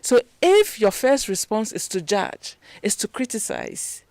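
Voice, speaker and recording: A woman's voice: mid-range voice, sing-song, measured pace, darkish tone, dry recording. A woman, a guest strategist on a radio interview, explaining ideas in a teaching way and posing rhetorical questions. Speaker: leadership and communication strategist, guest. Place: radio studio.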